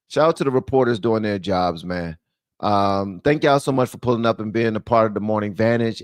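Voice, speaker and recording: A man's voice: fairly low pitch, no room sound, studio quality. A man hosting his own commentary show, ranting bluntly and profanely and calling out his viewers. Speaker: host.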